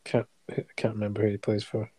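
A laid-back man with a mellow voice, recorded dry and close. He chips into the chat with easygoing comments. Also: on the low side, monotone, fast, slightly rough, no echo. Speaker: podcast co-host. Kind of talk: casual chat.

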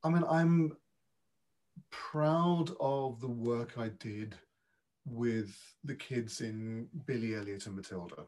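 A man's voice: medium pitch, takes it slowly, a little mellow. Reflective man, dialect coach. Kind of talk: casual interview answer.

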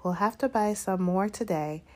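A woman's voice: mid-range voice, moderate pace, voice pushed up, lightly acted. A woman voicing a fussing, anxious middle-aged witch and mother, in a read-aloud story. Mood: fretful.

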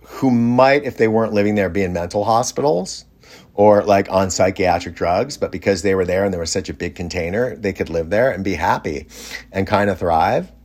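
A man telling a rambling story in a casual way, with many fillers and lively quoted voices. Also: low voice, normal speed.

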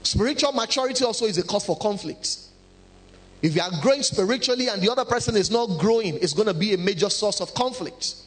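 A man preaching a sermon, animated and humorous, acting out quotes. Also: sits high, quick pace. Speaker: pastor.

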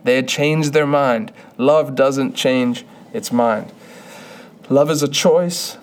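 A man's voice: medium pitch, takes it slowly. A young man giving an earnest, conversational sermon, often restarting his sentences. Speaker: preacher.

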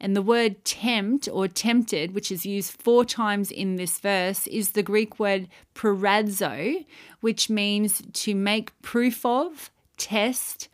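Slow, emphatic woman teaching scripture. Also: medium pitch. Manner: emphatic, stresses repeated words and reads verses aloud. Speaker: Bible teacher.

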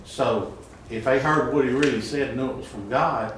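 A man in a Bible study group chiming in with a relaxed, slangy, chatty remark. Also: mid-range voice, moderate pace. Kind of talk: casual discussion. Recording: echoey room, far from mic, faint noise.

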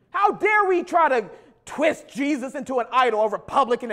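A man preaching a sermon, lively, with slangy asides and quotes acted out in his own voice. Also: very high voice, brisk. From Sacramento, California. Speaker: pastor.

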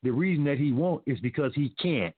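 A man's voice: mid-range voice, expressive, fairly quick, breathy edge. A male talk host reading news aloud and commenting with sarcasm, calling his listeners family. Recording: dry phone-like line.

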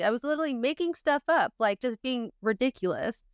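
A woman's voice: fairly high pitch, animated, smooth, no room sound, clean studio sound. Affirming woman podcast host. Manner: warm agreeing, quick affirmations, laughs. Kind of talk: casual interview chat.

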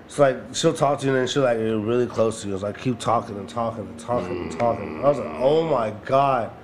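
A man's voice: medium pitch, fairly quick, a little hiss or hum. Rambling man telling a story in casual slang. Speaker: podcast co-host. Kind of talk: casual chat.

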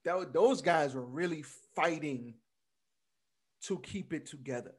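A man's voice: fairly high pitch, measured pace, slightly rough. A man co-hosting a casual wrestling podcast, blunt and swearing freely, laughing often as he talks. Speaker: podcast co-host.

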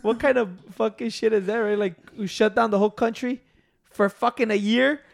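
His voice is high-pitched and creaky, with fairly even intonation at a moderate pace. He rants and spins stories in casual conversation, cursing a lot and performing other people's quoted lines.

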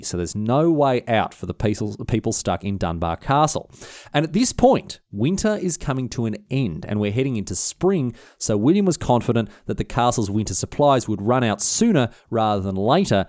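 A man's voice: mid-range voice, darkish tone, dry recording, studio quality. A man, hosting a history podcast, telling the story in an irreverent, slangy way with casual swearing.

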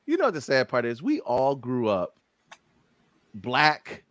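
Lively joking man in casual chat. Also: medium pitch, a little slow, dry recording, clean studio sound. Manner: animated, joking, profane.

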